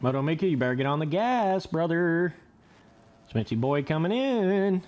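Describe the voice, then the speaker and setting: A young man giving casual, excitable commentary over motocross gameplay, laughing and trash-talking as he rides. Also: fairly high pitch, normal speed. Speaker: gaming commentator.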